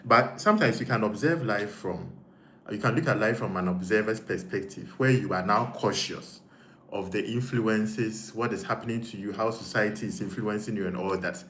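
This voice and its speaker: A man's voice: lowish voice, normal speed, fairly bright tone. Ghanaian man in an echoey room. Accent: Ghanaian English. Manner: hesitant, repeats words, thinks aloud. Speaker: live stream host. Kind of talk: casual live-stream chat reading comments. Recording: echoey room with faint noise.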